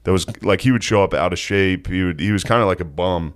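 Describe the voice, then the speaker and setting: A man's voice: deep voice, quick pace. A young man co-hosting a podcast, telling stories in casual, profane talk and laughing often. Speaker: podcast co-host. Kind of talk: casual chat.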